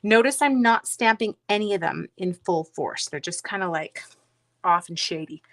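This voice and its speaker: A woman's voice: medium pitch, lively intonation, normal speed, a bit bright. Chatty woman crafting on a livestream. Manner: chatty, self-teasing, talks to viewers while working. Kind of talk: casual crafting chat, reading viewer comments. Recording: faint background noise.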